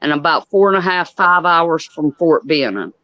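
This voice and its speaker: A woman from Georgia, hosting a casual group chat and telling drawn-out stories. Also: low voice, expressive, a bit bright, dry recording, muffled recording. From Georgia, USA. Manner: chatty, drawn-out storytelling. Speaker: channel host.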